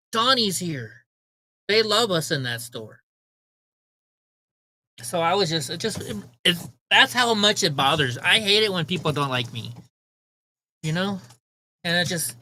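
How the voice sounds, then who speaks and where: A man's voice: sits high, bright, forceful tone, low-quality recording. A man hosting a livestream, telling a long story in casual chat, rambling and repeating words as he acts out what others said. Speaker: livestream host.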